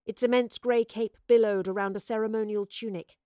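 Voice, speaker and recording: A woman narrating an audiobook in an expressive, dramatic storytelling voice. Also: on the high side, a little fast, no echo, clean studio sound.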